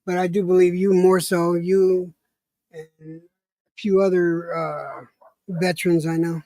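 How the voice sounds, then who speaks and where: A man with a high voice trades laughing, profane banter with a friend on his stream. The sound is dry and close, with nothing of the room. He stays loose and teasing the whole time. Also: flat delivery, a little slow, warm tone, dry recording. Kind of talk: casual chat.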